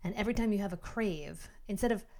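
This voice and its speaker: A woman podcast host giving animated motivational talk, speaking straight to the listener in a coaching manner. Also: medium pitch, fast talker.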